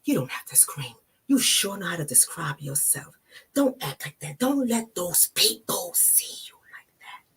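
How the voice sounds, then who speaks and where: A woman voicing her stern elderly Southern grandmother, who scolds in a hushed whisper. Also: lowish voice, very animated, unhurried, slightly rough, exaggerated voice. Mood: scolding.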